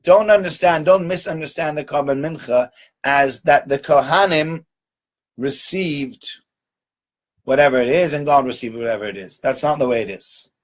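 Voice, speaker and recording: A man's voice: fairly high pitch, moderate pace. A man giving an informal Torah lecture in a conversational way, often checking in with "right?" and doubling words for emphasis. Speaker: rabbi giving a Torah talk.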